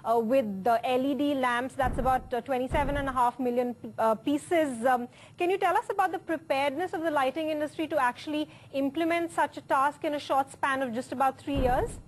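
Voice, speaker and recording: A woman moderating a panel discussion, asking brisk questions with frequent fillers. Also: sits high, a little hiss or hum.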